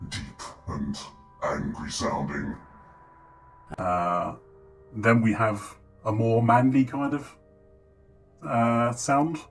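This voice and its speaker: A man using a pitch-down voice changer to sound like a deep, angry evil dragon or troll, talking slowly. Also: far from the mic, soft background music. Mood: menacing. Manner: slow, heavy delivery. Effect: voice changer pitch-down filter. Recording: boomy echoing reverb, from off mic.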